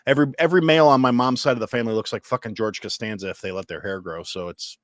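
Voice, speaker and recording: A man's voice: fairly low pitch, very fast, dry recording. Profane ranting man on a dry mic. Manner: profane, ranting, heavy swearing. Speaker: podcast co-host. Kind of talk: crude casual political banter.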